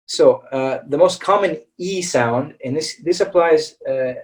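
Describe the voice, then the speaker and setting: A man with an American accent teaching English vowel pronunciation in a webinar, patiently modelling each sound slowly and checking in with "okay?" after nearly every phrase. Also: on the high side, recorded from a distance, rough recording. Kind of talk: webinar lesson.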